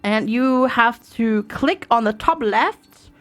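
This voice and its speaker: A woman's voice: a little high, slow, faint music behind. A woman from Germany streaming a game live, chatting casually and greeting viewers by name into a desk microphone.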